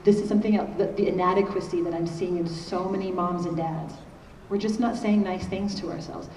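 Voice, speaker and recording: A woman's voice: on the low side, dark tone. A middle-aged woman giving a conversational conference talk on parenting, often checking in with her audience by asking "okay?". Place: large conference hall. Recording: echoey hall, distant mic, faint noise.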